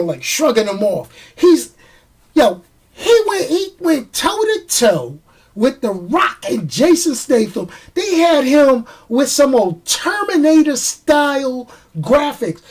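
A man giving a casual, jokey movie review. He acts out the fight scenes with his own sound effects. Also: very high-pitched.

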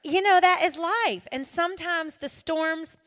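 High, bright, animated woman storyteller. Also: unhurried. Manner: animated, dramatic storyteller with shouted peaks and laughter. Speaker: women's ministry speaker. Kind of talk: storytelling devotional talk. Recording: long hall reverb.

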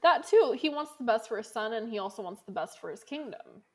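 A woman's voice: on the high side, expressive, brisk. A woman co-hosting a casual podcast, chatting and laughing often as she talks. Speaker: podcast co-host. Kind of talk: casual chat.

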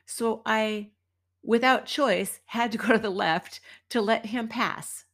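A woman's voice: fairly high pitch, takes it slowly, a bit bright. Wry, chatty American woman podcaster. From United States. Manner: chatty and wry, acts out quoted people. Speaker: podcast host and dance teacher. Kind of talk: casual storytelling monologue.

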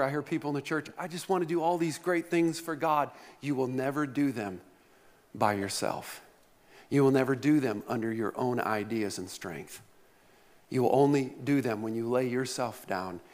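A man's voice: medium pitch, normal speed, darkish tone. A male pastor delivering a sermon, telling stories with playful humor and asking the congregation questions. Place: large church hall. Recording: long reverb of a church hall.

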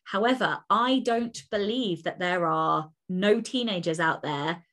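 A woman's voice: lowish voice, measured pace, a bit bright. A woman author chatting as an interview guest, enthusiastic and talkative, with plenty of fillers. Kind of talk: casual interview conversation.

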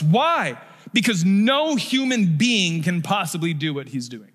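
A man preaching a sermon as pastor, conversational and animated, with casual fillers and rising emphasis. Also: sits high, measured pace. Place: church sanctuary stage. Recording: long hall reverb.

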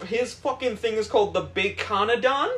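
A young man co-hosting a casual podcast, excitable and swearing often. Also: high voice, normal speed. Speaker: podcast co-host.

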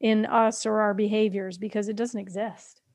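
A woman's voice: medium pitch, level tone, a little mellow. A woman coach co-hosting a casual podcast chat, thoughtful and affirming, recorded on a close mic. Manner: thoughtful, affirming, quick to agree.

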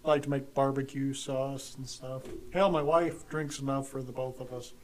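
A man co-hosting a podcast who chats casually and drops dry, deadpan jokes. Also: medium pitch, normal speed, a little hiss or hum, rough recording. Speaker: podcast co-host. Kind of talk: casual chat.

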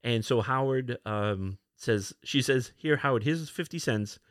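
A man hosting a podcast alone, casually retelling comic book issues, with many fillers and quick put-on lines for the characters. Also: mid-range voice, no room sound, clean studio sound. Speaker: podcast host.

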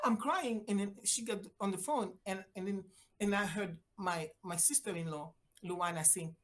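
An older woman from Haiti, a physician guest telling a personal story with lively voiced-out quotes and big swings in pitch. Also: moderate pace. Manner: animated, acts out voices with big pitch jumps.

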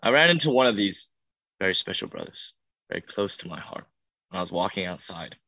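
A man's voice: low voice, sing-song, fairly quick, gravelly, sharp tone, no room sound. A young man who leads youth workshops, telling a heartfelt testimony in an earnest, emotional way that builds in intensity. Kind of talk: testimony talk.

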